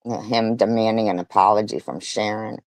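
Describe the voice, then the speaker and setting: A woman's voice: rumbling low, steady tone, normal speed, a little mellow, no room sound. A woman doing livestream commentary, reading comments aloud and reacting with indignation and heavy swearing. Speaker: commentary streamer.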